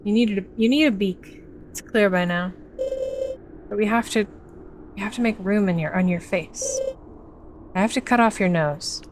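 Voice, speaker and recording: A woman's voice: medium pitch, normal speed, long pauses, background noise, natural voice. A woman voicing a loyal beast servant who speaks to its master earnestly and anxiously. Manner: pleading, earnest.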